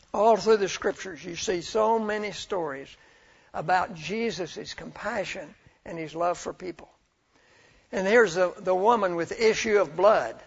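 A man preaches a sermon as a storyteller, his loudness rising and falling. His voice sits high and has a gravelly, husky grain. The recording sounds dull and lo-fi. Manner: storytelling, swells and drops in loudness.

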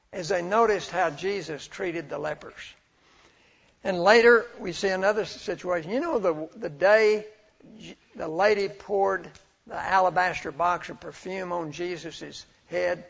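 Gravelly high-voiced male preacher. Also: dull audio. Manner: storytelling, swells and drops in loudness. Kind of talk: sermon.

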